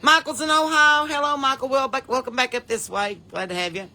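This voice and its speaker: A woman's voice: high-pitched, steady tone, brisk, pushed and bright. Chatty Southern woman hosting a livestream. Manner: chatty, folksy, reads out viewers' names and places. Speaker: podcast host. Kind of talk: casual livestream chat greeting viewers.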